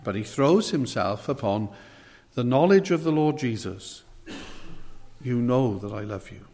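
A man preaches a sermon in an earnest, emphatic way, pushing his voice upward on the questions he quotes. His voice sits at an ordinary middle pitch. A long reverb trails after each phrase, as if he is in a large hall. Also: animated, a little slow, a little mellow.

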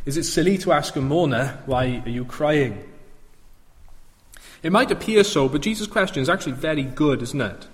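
An earnest man preaching a sermon, his fairly high voice building to fervent proclamation. His words ring out with a long reverb, as in a church hall. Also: lively intonation, normal speed.

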